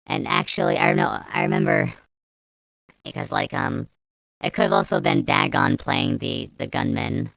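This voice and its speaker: A woman's voice: low voice, moderate pace, vocal fry, a bit bright, smooth, no room sound. A young woman telling a story as a vlogger, ranting angrily and swearing a lot, rambling with restarts. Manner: angry, profane, rambling with restarts. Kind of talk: storytime rant.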